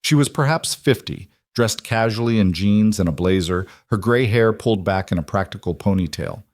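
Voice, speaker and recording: A man narrating a scripted story in a steady, even delivery. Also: on the low side, moderate pace, no room sound, clean studio sound.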